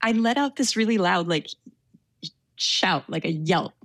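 Young woman, kinda hesitant, lots of ums, lowish voice, dry sound. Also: lively intonation, unhurried, no echo. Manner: hesitant, soft-spoken, many fillers. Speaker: interviewee telling a story. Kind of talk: conversational storytelling.

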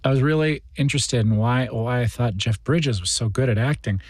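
A man's voice: medium pitch, fairly quick, no echo. Reflective, rambling male actor interviewed. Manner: reflective, rambling, many fillers and restarts. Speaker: guest actor. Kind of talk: interview conversation.

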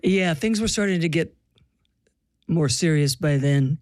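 A woman's voice: low-pitched, unhurried, darkish tone, dry recording, clean studio sound. An older woman from the US Pacific Northwest, a musician guest telling stories in an interview with a wry, reflective manner. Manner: reflective, wry storytelling with laughs. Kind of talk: interview conversation.

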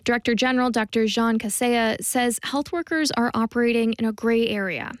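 A woman reads a news report as a correspondent in a steady, formal way. Her voice sits fairly high, and the studio sound is dry. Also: a little fast, dry recording.

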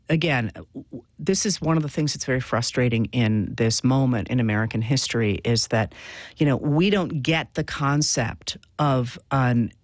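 A man's voice: mid-range voice, dry recording, clean studio sound. A man speaking as a professor and guest, explaining history earnestly with frequent halts and restarts. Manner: earnest, halting, many restarts. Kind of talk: explanatory interview answers.

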